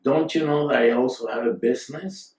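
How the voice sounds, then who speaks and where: A man's voice: mid-range voice, a little fast, a little mellow, lightly acted. A man voicing a proud female tantric mystic who scolds and boasts, recorded from a distant mic in a roomy space. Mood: indignant.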